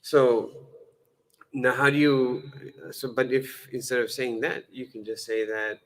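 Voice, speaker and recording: On a poor recording, a male Islamic lecturer speaks in a mid-range, fairly bright voice with fairly even intonation and an unhurried pace. His lecture-style sermon is chatty and funny, peppered with fillers, self-corrections and restarted words, and he performs bits of dialogue in changing voices.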